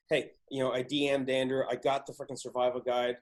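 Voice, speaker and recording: Man, podcast host, excitable, loose casual storytelling, swears often, mid-pitched voice. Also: a little fast. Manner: excitable, swears a lot, animated.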